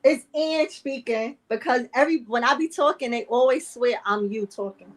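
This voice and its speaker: A woman's voice: fairly high pitch, fairly quick, rough recording. A woman with a Brooklyn accent co-hosting a casual chat, blunt and slangy. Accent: Brooklyn, New York. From New York.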